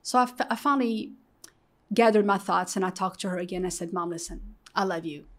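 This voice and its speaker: A middle-aged Moroccan woman, appearing as an interview guest, tells her personal story candidly in a mid-range voice at a fairly quick clip. She's animated, acting out the voices of the people she quotes and dropping fillers like "you know."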